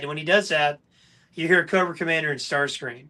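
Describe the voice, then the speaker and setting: A man hosting a casual podcast chat, his voice bright and a touch higher than most men's. He tells stories eagerly and keeps the talk lively and friendly. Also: fairly quick. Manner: enthusiastic storyteller. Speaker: podcast host.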